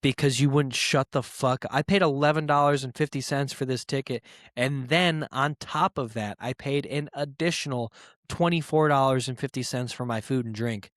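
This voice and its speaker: A man's voice: medium pitch, normal speed, a bit bright, no room sound, clean studio sound. A man hosting his own podcast, ranting comically and profanely about a rude moviegoer, mocking people in quoted voices. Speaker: podcast host. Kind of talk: solo comedic rant.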